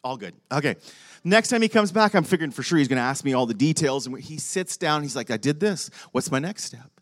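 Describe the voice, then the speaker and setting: Older pastor telling a lively story. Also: male voice, a little high, brisk. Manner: animated storytelling, acting out both sides of a conversation with laughs. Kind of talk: sermon.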